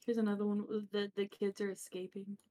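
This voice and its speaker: A woman co-hosting a casual podcast, describing pictures in a halting, giggly way. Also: mid-range voice, level tone, mellow. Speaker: podcast co-host. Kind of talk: casual chat.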